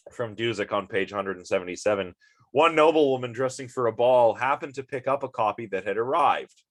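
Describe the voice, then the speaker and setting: A man's voice: medium pitch, fairly bright tone. A man giving a casual philosophy lecture, sleepy and yawning, rambling with many fillers and asides to his students.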